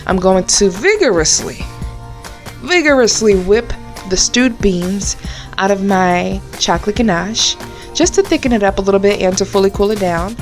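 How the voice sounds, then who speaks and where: A woman hosting a baking tutorial, chatty and bubbly, talking straight to her viewers. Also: medium pitch. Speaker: baker and cake channel host.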